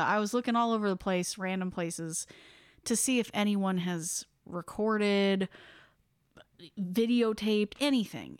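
A woman's voice: medium pitch, smooth, no echo, clean studio sound. A woman hosting a podcast, chatting casually as she retells a ghost story, often laughing. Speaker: podcast host.

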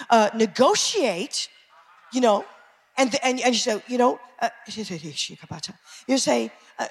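A woman pastor with an American country accent, preaching a fervent sermon that swings from shouting to quiet asides. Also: a little high, a little hiss or hum. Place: church sanctuary. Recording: echoey church hall.

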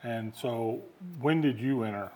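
A man's voice: medium pitch, a little slow, a little mellow. Casual male podcast host. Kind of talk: interview conversation.

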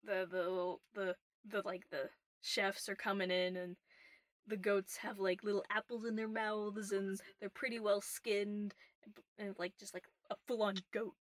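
A woman narrating a tabletop game as game master, relaxed and full of fillers. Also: medium pitch, normal speed, dry recording. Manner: relaxed, filler-heavy, giggly.

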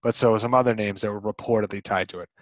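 A man's voice: fairly low pitch, fairly even intonation, quick pace, no room sound, rough recording. A man co-hosting a podcast, talking through a movie in a casual, rambling way with plenty of fillers. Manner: rambling, chatty with many fillers. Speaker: podcast co-host.

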